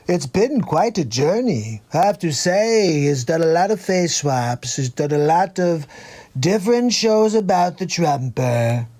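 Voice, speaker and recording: A man's voice: darkish tone, a little hiss or hum. A man doing a blustering old politician. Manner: rambling, mocking sales-pitch delivery. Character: blustering boastful male politician, older. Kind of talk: comedy impression on a livestream.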